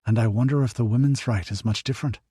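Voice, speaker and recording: A man reading the inner thoughts of a thoughtful young warrior, musing quickly. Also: mid-range voice, mellow, husky, dry recording, studio quality.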